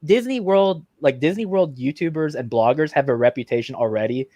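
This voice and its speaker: A man's voice: a little high, lively intonation, brisk, dark tone, no echo. A man in a casual chat, telling a story with exasperation.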